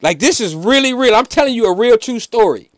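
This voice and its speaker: A man, a musician guest on an interview show, telling a personal story in an animated, emphatic way, full of "like" fillers. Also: very high-pitched, brisk, no room sound, studio quality. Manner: emphatic, preacher-like insistence.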